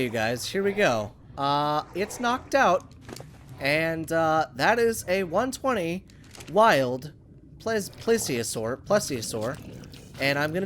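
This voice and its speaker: A young man casually commenting on his gameplay for viewers, excitable and rambling, talking to the creatures he meets. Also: fairly high pitch. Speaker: gaming channel host. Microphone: USB condenser microphone.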